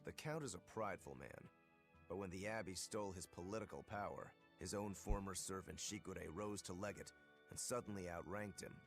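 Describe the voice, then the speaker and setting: A man voicing a calm, thoughtful swordsman in a video game. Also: sits low, moderate pace, soft background music.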